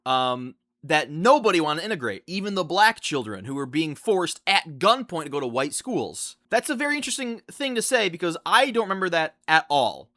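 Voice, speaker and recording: Lively, bright-voiced young man telling stories. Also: fairly high pitch, a little fast, few pauses, dry recording, studio quality. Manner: animated, incredulous storytelling with frequent restarts. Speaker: vlogger. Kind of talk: storytime vlog.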